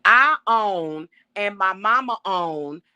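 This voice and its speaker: A woman's voice: mid-range voice, animated, takes it slowly, pushed and bright, smooth, no room sound, dull audio. Middle-aged woman going off to camera, cussing a lot, defiant and blunt, dry close sound. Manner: emphatic, profane, defiant. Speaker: self-styled high priestess and spiritual reader. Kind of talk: casual spiritual rant to camera.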